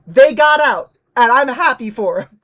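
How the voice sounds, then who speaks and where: This young Nevada streamer speaks a little slowly and expressively, her high voice bright with a sharp edge. She rants and mocks in a loose, joking way, swearing freely as she chats.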